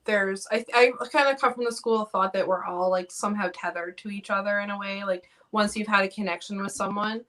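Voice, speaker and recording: A woman guest speaks earnestly in a casual chat and laughs easily. Her tone is bright. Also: medium pitch, steady tone, a little fast, hardly any pauses.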